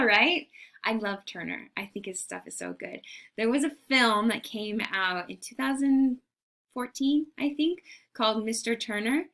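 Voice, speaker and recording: A woman's voice: medium pitch, gravelly, pushed and bright. A woman art history teacher giving a recorded lecture, enthusiastic and full of rhetorical questions to her class.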